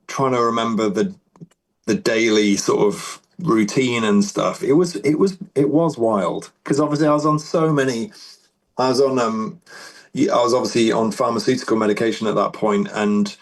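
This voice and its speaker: A man's voice: lowish voice, rough recording. A British man, a musician guest, talking casually, rambling with many restarts. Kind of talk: casual interview chat.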